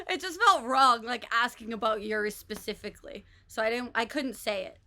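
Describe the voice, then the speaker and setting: A young woman co-hosting a podcast in casual chat, with sarcastic, deadpan humor. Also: on the high side, a little slow, noisy background. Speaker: podcast co-host.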